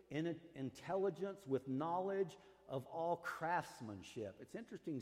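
A man's voice: medium pitch, darkish tone, big-room sound. A man preaching as a pastor, earnest and conversational, leaning hard on key words and drawing them out, with casual fillers and asides. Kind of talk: sermon.

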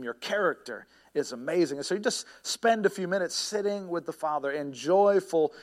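A man preaches a sermon in an earnest, searching way, pausing often, restarting phrases and filling gaps with small fillers. His voice sits a little high for a man. When he tells a story it sometimes climbs to a shout. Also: lively intonation. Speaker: pastor.

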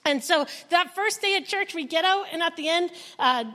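Woman with a high voice giving an emotional, animated church testimony. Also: normal speed, big-room sound. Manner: animated storytelling, acting out quoted dialogue. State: emotional, near tears. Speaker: foster mother sharing a testimony. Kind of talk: personal testimony told to a congregation. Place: church service.

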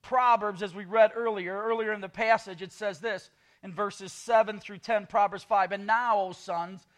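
A man's voice: high voice, steady tone, normal speed, fairly bright tone. A man preaching a sermon as pastor, with sarcastic asides and quoted scripture.

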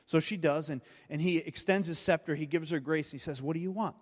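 A man's voice: a little high, fairly even intonation, brisk, in a large hall. A man preaching a sermon, retelling a story and often repeating his words as he goes. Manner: storytelling with frequent word repeats. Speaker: pastor.

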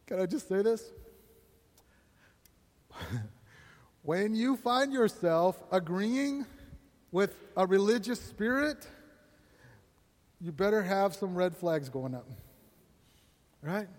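A man with a fairly high voice preaches to his congregation, conversational and personal. He keeps asking "right?" and chuckles between points. The sound carries a long reverb from the church hall. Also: animated, takes it slowly, long pauses. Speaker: pastor. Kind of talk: sermon.

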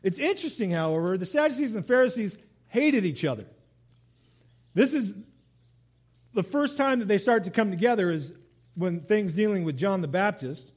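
A man preaching a sermon in an animated, conversational way, mixing scripture reading with casual asides. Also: high-pitched, normal speed, pauses often, slightly rough. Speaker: pastor.

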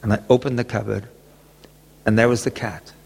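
A man preaching a sermon, telling a gentle personal story and often chuckling. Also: lowish voice, little pitch movement, normal speed, gravelly, slightly rough. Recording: long echoey reverb.

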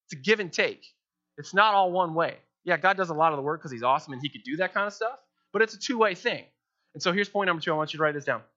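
Young man, pastor, sermon, slightly high voice, acts out prayers. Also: fast. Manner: animated, acts out quoted prayers. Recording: dull lo-fi sound.

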